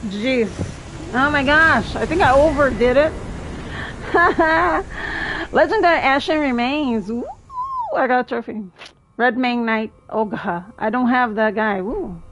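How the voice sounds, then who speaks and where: Excitable woman narrating her gameplay. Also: a little high, a little hiss or hum, rough recording. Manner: excitable, exclaims often, thanks viewers. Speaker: gaming streamer. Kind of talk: live gameplay commentary.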